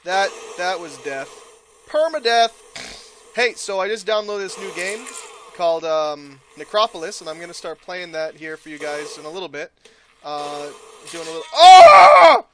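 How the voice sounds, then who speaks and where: A man commentates a video game at a slow, drawn-out pace, with a lively pitch that jumps into shouts whenever his character gets hurt. His voice is bright and sharp. A faint noise sits under the recording. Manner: loud exaggerated outbursts, yelling and groaning at in-game deaths. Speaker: let's player. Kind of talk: gameplay commentary.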